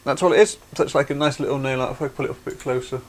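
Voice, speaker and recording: A man's voice: medium pitch, very fast. A man hosting a craft livestream, chatty and explaining things step by step. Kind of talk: casual demonstration.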